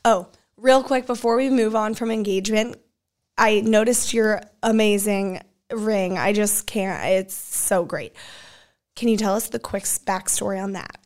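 A woman's voice: mid-range voice, a little slow, a little mellow. A woman hosting a casual interview, reacting eagerly and asking follow-up questions. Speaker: host.

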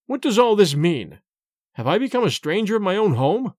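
A man reading an audiobook, voicing a stern old undead patriarch with a hollow, gruff and menacing voice. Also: high voice, big pitch swings, moderate pace, a little mellow, no room sound, clean studio sound. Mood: annoyed.

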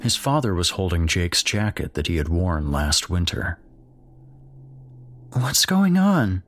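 A man narrating a dark horror story in a measured, grim storytelling voice. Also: low-pitched.

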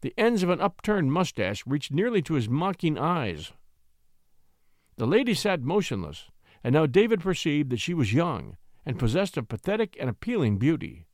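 A man narrating a classic short story in an expressive, scripted reading voice. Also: on the high side, normal speed, dry recording, clean studio sound. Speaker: audiobook narrator.

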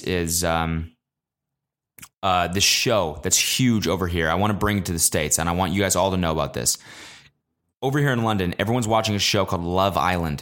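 A young man hosting a casual solo podcast, ranting with swearing and sudden high, exasperated outbursts. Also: fairly bright tone. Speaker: podcast host. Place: traveling abroad, recording while away.

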